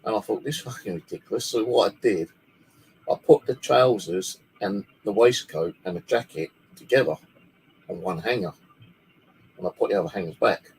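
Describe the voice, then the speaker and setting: A man with a lowish voice tells a story in a loose, rambling way. He swears freely as he talks. There is a faint hiss behind him in his bedroom. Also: moderate pace, rough recording. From United Kingdom. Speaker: paranormal channel host. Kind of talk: casual storytelling.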